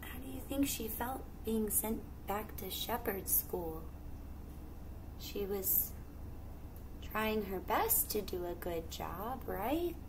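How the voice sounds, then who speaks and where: A woman teacher reading a picture book aloud to children, pausing to ask them questions. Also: mid-range voice, expressive, background noise. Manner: pauses to ask listeners questions.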